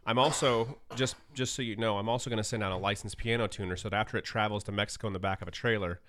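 A man's voice: lowish voice, fairly even intonation, racing, fairly bright tone, a little hiss or hum. Self-deprecating man telling anecdotes. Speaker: interview guest. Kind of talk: casual interview.

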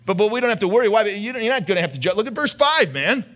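Male pastor with a high voice, preaching casually, quizzing the congregation, stumbling over repeated words. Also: sing-song, rapid-fire, fairly bright tone, soft background music. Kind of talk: sermon.

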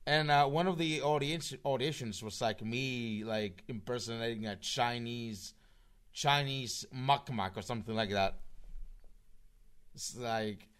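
A man's voice: mid-range voice, unhurried, fairly bright tone, clear, resonant tone. A man in casual online group chat, rambling with restarts and swearing, with a slightly slurred voice.

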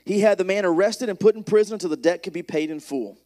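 A man's voice: high-pitched, fast, warm tone. A man preaching a conversational sermon, joking with the congregation and reading scripture aloud with rising energy. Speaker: pastor.

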